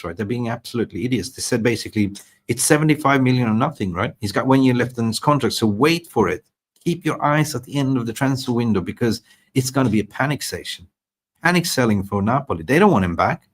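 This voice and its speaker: A man hosting a live football transfer show, excitable and rambling, repeating words for emphasis. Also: mid-range voice, fairly quick, husky. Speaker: host.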